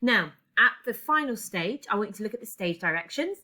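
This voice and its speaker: A woman's voice: medium pitch, lively intonation, a little fast, pushed and bright. Reflective woman teacher asking questions. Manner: questioning, reflective, guiding step by step. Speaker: English teacher. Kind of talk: recorded lesson.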